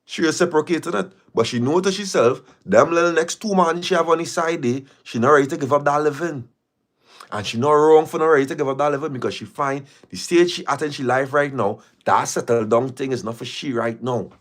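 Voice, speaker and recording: A man's voice: a little high, brisk. A man hosting a casual live stream, talking emphatically, repeating phrases and firing rhetorical questions.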